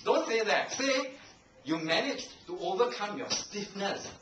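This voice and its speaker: A man's voice: high voice, lively intonation, unhurried. A man from Singapore with a Singaporean English accent, giving a playful, teasing language evaluation at a club meeting, laughing often. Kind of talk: humorous speech to a club meeting. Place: meeting room, live audience. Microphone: far handheld camcorder. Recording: echoey room, heard from far off, noisy.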